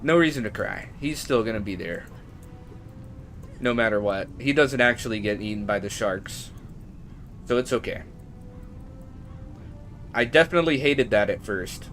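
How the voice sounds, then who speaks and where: A man's voice: on the low side, a little slow, long pauses, faint music behind. Emotional young-sounding male game streamer. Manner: emotional, excitable, shifts from calm to near-shrieking. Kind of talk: live game stream commentary.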